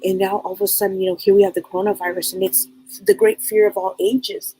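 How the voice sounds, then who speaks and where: A middle-aged woman with a husky voice at an ordinary pitch hosts a live psychic advice stream. She talks bluntly and casually, loops back over her words, and keeps asking rhetorical questions. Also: very fast, warm tone, rough recording. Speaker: psychic reader and show host.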